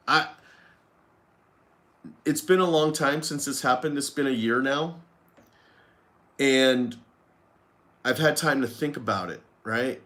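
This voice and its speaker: A man's voice: fairly high pitch, slow pace, pauses often, fairly bright tone. A man who runs a lawn care business, candidly telling a story in a casual vlog, rambling and swearing freely.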